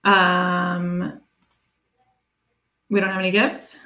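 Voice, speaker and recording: Woman, meeting chair, brisk procedural reader, echoey room on a video call. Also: fairly low pitch. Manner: brisk, reads figures in a steady list. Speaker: committee chair.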